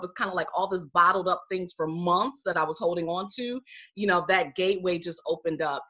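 A woman's voice: lowish voice, sharp tone. A middle-aged woman, a life coach, telling her own story in a casual interview and acting out what people said. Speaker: guest, life coach and healer. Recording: muffled lo-fi audio.

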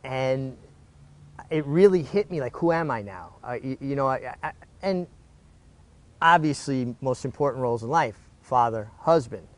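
A man's voice: mid-range voice, normal speed. New man telling his story. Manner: animated storyteller with frequent restarts. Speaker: former jockey, interview guest. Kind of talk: casual interview storytelling.

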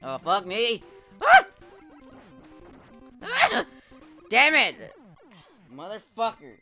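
Bright-voiced, swearing, excitable young streamer. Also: male voice, very high voice, extremely slow. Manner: profane, excitable, laughs often, shouts at the game. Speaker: streamer playing a retro game. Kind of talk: live gameplay commentary. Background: game music.

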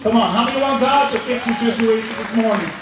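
Pastor guy w a really high voice preaching, calls for amens, super echoey church, mic far off. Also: fast talker, crowd noise, noisy background. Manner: calls for amens, acts out imagined dialogue. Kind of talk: sermon. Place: church sanctuary.

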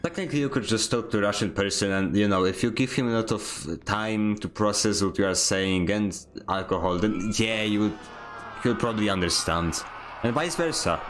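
Casual gaming stream commentary from a young man who rambles, mocks himself, and laughs frequently while playing. He has a fairly low pitch and a moderate pace, and the background is noisy.

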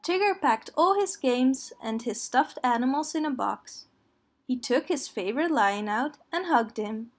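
A woman reads a children's story aloud, gentle and clear, in a fairly high voice. She takes a slow, unhurried pace suited to young listeners, with lively intonation.

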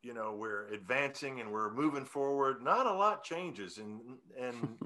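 A man with a bright, forceful voice who talks his way around a thought, doubling back and restarting his phrases. He speaks in an easygoing, reflective way, with a little chuckle now and then. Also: mid-range voice, lively intonation, a little slow. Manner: rambling, self-correcting, chuckling. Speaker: songwriter guest. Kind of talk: casual interview talk.

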